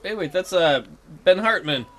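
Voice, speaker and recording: A young man giving casual, joking gameplay commentary. He gets excited fast and plays out the game characters' lines as he talks. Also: sits high. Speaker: let's play gamer.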